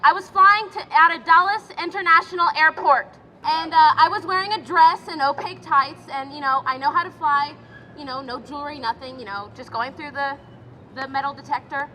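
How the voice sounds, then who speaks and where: A woman's voice: sits high, fairly even intonation, a little fast, sharp tone, long reverb tail, slight background noise. A woman giving shaken, indignant personal testimony outdoors at a rally. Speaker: rally speaker sharing a personal account.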